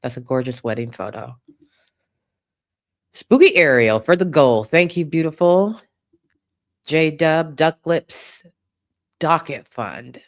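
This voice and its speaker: A woman's voice: sits low, animated, takes it slowly, long pauses. Chatty woman livestream host. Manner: warm, chatty, swears casually. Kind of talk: casual livestream chat, reading viewer donations.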